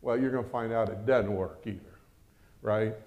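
A man preaching a sermon in a lively, conversational way, often breaking in with exclamations. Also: lowish voice, moderate pace.

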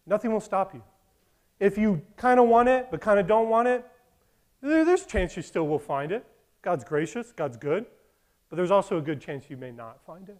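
A man delivers a sermon in a church, urging his listeners through repeated, emphatic phrases. His speaking voice sits high for a man. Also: lively intonation, moderate pace. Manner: emphatic, repetitive exhortation. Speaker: pastor.

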